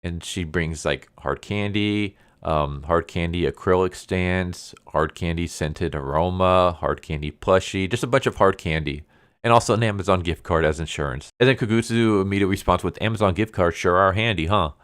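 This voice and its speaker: A man's voice: deep voice, moderate pace, clean tone, no room sound, studio quality. A man casually recapping a manga story, chatty and amused, with many fillers. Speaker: manga reviewer.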